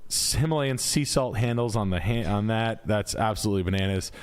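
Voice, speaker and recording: This is a man with a fairly low voice doing live-stream commentary. He tosses out crude, profane jokes as he reviews house listings, and his talk is loose, mocking and off the cuff. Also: a little fast. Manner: crude, joking, profane riffing. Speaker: realtor reviewing house listings, show host.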